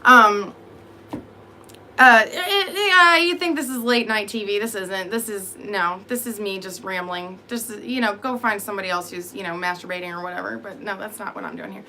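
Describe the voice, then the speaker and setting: A woman's voice: medium pitch, normal speed, sharp tone, slight background noise. A sleepy woman in her thirties, rambling and swearing as she answers her live chat. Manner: rambling, profane, self-deprecating, answering chat. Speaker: vlogger talking to live chat.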